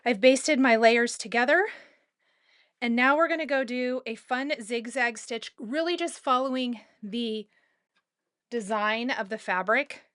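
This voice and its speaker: Woman doing a sewing how-to, slightly high voice, chatty and relaxed, dry close sound. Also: measured pace, dry recording. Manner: chatty and relaxed, with loose asides. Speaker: sewing tutorial host. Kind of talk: casual step-by-step craft tutorial.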